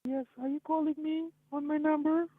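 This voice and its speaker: Pushy high phone lady faked by a man, flat sing-song, tinny line. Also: fairly quick, no room sound. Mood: insistent. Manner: insistent, repetitive. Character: woman on the phone, pushy caller. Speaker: scammer.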